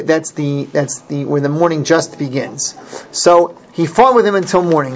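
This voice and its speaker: Male Torah teacher, a bit high-pitched, explains verses and backtracks often; muffled lo-fi recording. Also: slight background noise. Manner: explains Hebrew verses line by line, with restarts. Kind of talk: Torah class lecture. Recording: dull lo-fi recording.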